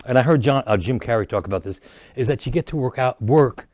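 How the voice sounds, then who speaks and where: A man, an actor and comedian, telling animated stories as a guest in a casual studio interview. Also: medium pitch, fast, dry recording. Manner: animated storyteller who jokes and restarts lines.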